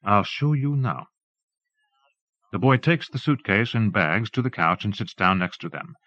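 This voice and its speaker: A man narrating a literary audiobook in a measured, even reading. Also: fairly low pitch, no echo. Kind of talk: scripted narration. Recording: dull dry tape recording.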